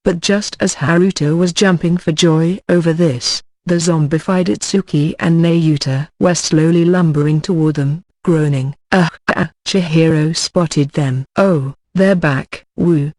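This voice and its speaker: A narrator reading a comic light novel in a flat, even way, spelling out sound effects letter by letter. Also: mid-range voice, measured pace, few pauses, no room sound. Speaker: audiobook narrator.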